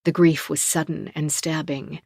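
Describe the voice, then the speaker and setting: Measured woman narrating a thriller audiobook. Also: low voice, steady tone, creaky, darkish tone, no echo, studio quality. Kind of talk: first-person thriller narration. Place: dry recording booth. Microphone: close studio mic.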